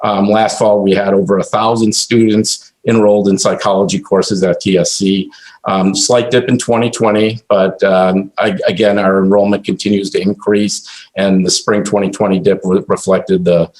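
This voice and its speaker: A man presenting slides at a college board meeting, halting speech with many fillers and restarts. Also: low-pitched, little pitch movement, a little mellow, low-quality recording.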